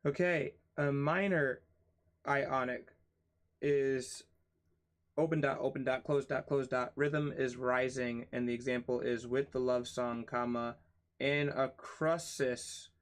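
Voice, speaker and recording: Slow-reading man spelling words out. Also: mid-range voice, steady tone. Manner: slow, spells words out letter by letter, self-mocking asides. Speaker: channel host reading a book aloud. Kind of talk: casual read-aloud lesson.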